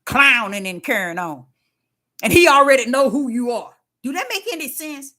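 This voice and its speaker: An older woman giving a casual spiritual testimony, folksy and emphatic, repeating herself and swinging between loud and hushed. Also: high voice, animated, normal speed. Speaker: faith talk host.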